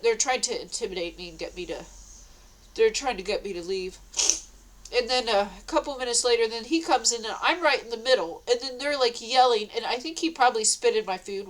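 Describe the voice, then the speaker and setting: Woman, casual vlog storytelling, rambling, halting, laughs often. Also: mid-range voice, a bit bright, rough recording.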